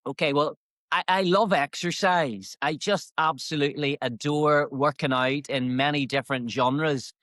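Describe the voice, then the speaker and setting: A man's voice: on the high side, normal speed, a bit bright, dry recording, clean studio sound. Cheerful Northern Irish man in his fifties. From Northern Ireland. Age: 50s. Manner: good-humoured, hesitant restarts, enthusiastic. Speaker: fitness coach, guest. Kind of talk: casual podcast interview.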